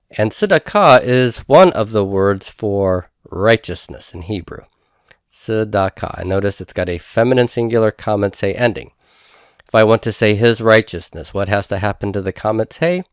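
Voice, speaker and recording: A middle-aged man with a drawl gives a grammar lecture, breaking words into syllables and spelling out each rule with patience. His voice sits on the low side and is recorded close up in a dry, deadened space. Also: no echo. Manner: patient, explanatory, sounds out syllables slowly. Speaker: Hebrew grammar teacher.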